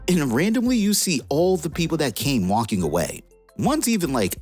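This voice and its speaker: A woman reviewing a comic book, who retells the story in an excited, slangy, casual way. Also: low voice, normal speed, slightly rough, faint music behind.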